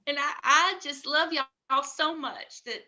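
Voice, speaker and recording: A scatterbrained bank teller who gushes over her coworkers, voiced by a woman. Her voice is very high and sharply bright, with an unhurried pace. It is an improv scene over a video call. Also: full character voice. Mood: effusive. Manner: effusive and giggly.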